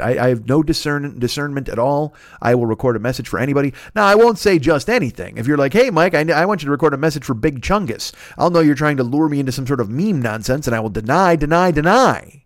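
A man in his forties hosting a podcast, rambling casually through plugs and shout-outs, profane and self-mocking. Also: medium pitch, dry recording, studio quality. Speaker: podcast host.

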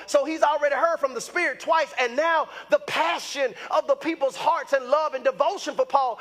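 A man in his fifties delivers a sermon in a strikingly high voice. He preaches with fervor, bursting into shouts and repeating phrases to drive a point home. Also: normal speed. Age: 50s. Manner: fervent, bursts into shouts, repeats lines for emphasis.

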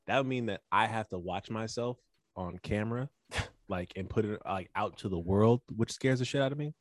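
A man's voice: on the low side, moderate pace, no echo, clean studio sound. A man co-hosting a casual podcast, teasing his friends and poking fun at himself. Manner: teasing, self-deprecating, bursts of laughter. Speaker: podcast co-host.

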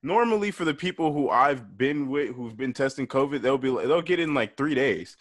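A man's voice: medium pitch, animated, normal speed. A young man joking around in casual podcast banter, laughing a lot. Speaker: podcast co-host. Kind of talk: casual chat.

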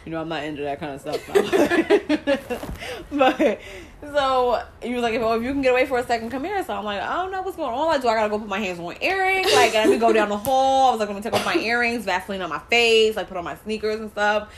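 A woman co-hosting a podcast, telling a story in casual chat, animated and swearing, acting out quoted lines. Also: fairly high pitch, a little fast, a crowd in the background. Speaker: podcast co-host.

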